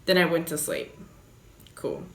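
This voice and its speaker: A woman's voice: low voice, wildly swooping pitch, measured pace, creaky, a bit bright. A young woman vlogger telling a candid story in a blunt, joking, profane way. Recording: roomy echoey room.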